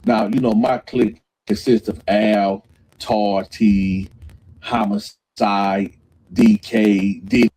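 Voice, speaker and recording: A man telling a jail story in slangy, animated style, acting out what others said. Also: lowish voice, slow pace, low-quality recording. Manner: acts out other people's voices, swearing, slangy. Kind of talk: animated storytelling with acted-out quotes.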